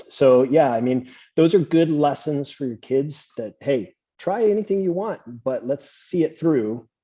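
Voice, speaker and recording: A man hosting a podcast, telling stories and giving advice in a relaxed, chatty way. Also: mid-range voice, breathy edge. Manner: relaxed, anecdotal, gives advice. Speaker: podcast host. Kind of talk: conversational interview, storytelling. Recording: slightly muffled lo-fi audio.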